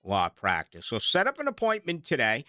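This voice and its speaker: A man's voice: medium pitch, huge pitch swings, moderate pace, sharp tone, dry recording, studio quality. A middle-aged man with a Boston accent, hosting late-night sports talk radio in a rambling, self-mocking way.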